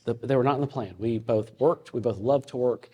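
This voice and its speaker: A man in his fifties teaching a ministry audience in a conversational way, telling personal stories with frequent halting restarts. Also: medium pitch, a little mellow, slightly rough. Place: meeting room with an audience. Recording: long hall reverb.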